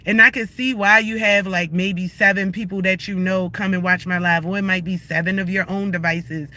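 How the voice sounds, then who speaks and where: High-voiced man ranting on a livestream. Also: flat delivery, normal speed, sharp tone. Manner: confrontational, profane, repetitive questioning. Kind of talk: heated livestream rant.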